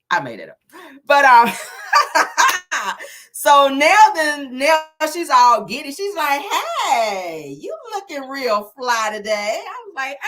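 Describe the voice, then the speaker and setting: A woman in her thirties, the host, recapping a reality show in sassy, animated casual chat and calling everyone honey and girl. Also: mid-range voice.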